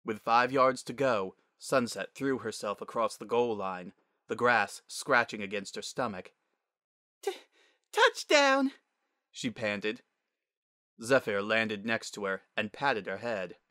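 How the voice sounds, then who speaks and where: A man narrating a story as a dramatic reading, measured and expressive. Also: on the low side, no echo, clean studio sound.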